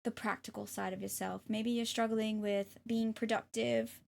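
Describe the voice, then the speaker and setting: A young woman streaming live and reading tarot, speaking gently and hesitantly with many ums and restarts. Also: on the high side, flat delivery, moderate pace, creaky. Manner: gentle and affirming. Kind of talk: casual live-stream chat.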